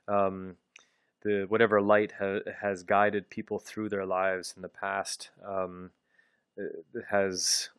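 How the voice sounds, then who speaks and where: Low-voiced man giving a halting literature lecture. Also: a bit bright, smooth, no echo, clean studio sound. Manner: thoughtful, halting, with frequent ums and restarts. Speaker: literature teacher.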